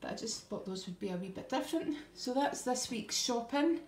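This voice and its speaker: A woman's voice: fairly high pitch, expressive, brisk, darkish tone. Chatty woman in an echoey room. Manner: chatty, homely, frequent ums. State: a bit out of breath. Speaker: vlogger. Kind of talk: casual grocery haul chat. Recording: echoey room, faint noise.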